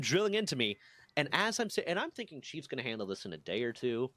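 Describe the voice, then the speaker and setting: A man's voice: on the high side, big pitch swings, fast talker, a bit bright, no echo. Profane young man telling a story. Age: 20s. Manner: profane, repetitive, rambling. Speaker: streamer. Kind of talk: casual storytelling.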